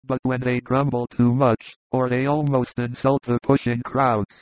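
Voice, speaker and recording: A man giving measured, descriptive narration of a religious story as an audiobook reader. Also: medium pitch, level tone, dry recording. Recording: dull lo-fi recording.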